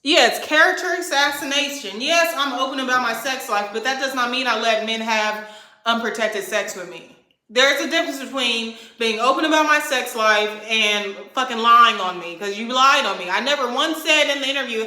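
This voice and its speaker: A young woman rants straight to camera, angry and swearing freely as she pushes each point hard. Her voice sits a little high and comes through bright and forceful. The room around her sounds echoey. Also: normal speed. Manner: heated, profane, emphatic. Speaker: vlogger. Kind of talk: angry venting rant to camera.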